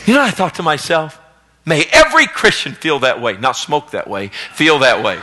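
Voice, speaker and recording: A man preaching a sermon as pastor, swinging between loud exhortation and hushed storytelling. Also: a little high, wildly swooping pitch, moderate pace. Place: church sanctuary, live service. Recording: long reverb of a church hall.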